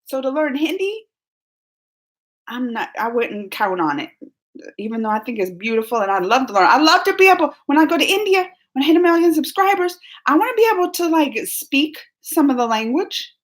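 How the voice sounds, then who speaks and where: A woman's voice: sits high, animated, brisk. A woman from New Orleans with a Southern accent, chatting casually and giggling as she reads viewer comments on her live stream. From New Orleans, Louisiana, US. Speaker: YouTube host.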